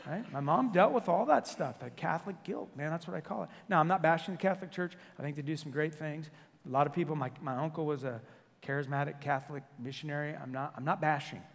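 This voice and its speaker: A man preaching a sermon as senior pastor, joking and telling stories with quick self-corrections, in a church sanctuary. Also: on the high side, creaky, big-room sound. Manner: jokey, animated storytelling with self-corrections.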